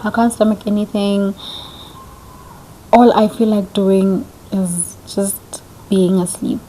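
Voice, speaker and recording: A young woman tells a personal story straight to the camera in a chatty, animated way, slipping into the voices of the people in it. Her voice is mellow and soft-edged at an average pitch. A faint hiss of background noise sits under the recording. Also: slow pace, poor audio. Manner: animated, chatty, acts out quoted dialogue. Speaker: vlogger. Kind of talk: casual storytelling.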